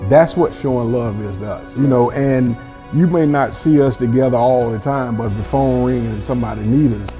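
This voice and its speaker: A man guesting on a talk show speaks in an easygoing, reflective manner, often leaning on "you know." His voice sits at a medium pitch with a mellow, warm color. Faint music runs underneath. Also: normal speed. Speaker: football coach, guest. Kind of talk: casual conversation.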